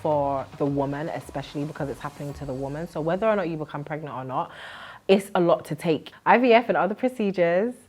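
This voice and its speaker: A young woman from Britain, a TV host, telling her story to camera in a lively, chatty way with lots of laughs. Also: deep voice, fast, slight background noise. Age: young adult. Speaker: vlogger and TV host.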